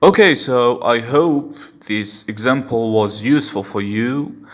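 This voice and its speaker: A man teaches a poetry lesson at an unhurried pace, his voice sitting at a middle pitch. He walks through each step patiently and repeats the key terms so they stick. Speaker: English literature teacher.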